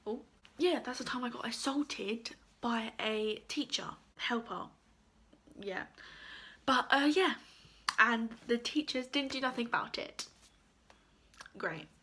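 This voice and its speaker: A young woman vlogger telling a casual storytime, chatty with lots of fillers, her voice a bit croaky. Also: a little high, slow pace, pauses often, pushed and bright. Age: young adult.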